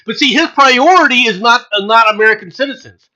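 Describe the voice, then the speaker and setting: A political commentator delivers an emphatic rant, mocking opponents with scorn. The voice has a bright, cutting edge and a medium pitch. The speaker drives each point home by repeating it again and again. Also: expressive, fairly quick, low-quality recording. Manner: sarcastic and mocking, with scornful laughs.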